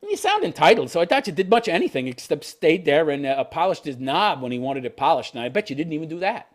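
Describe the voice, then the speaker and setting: A man's voice: a little high, sing-song, fast. A man hosting his channel, ranting in profane, scornful commentary. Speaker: channel host.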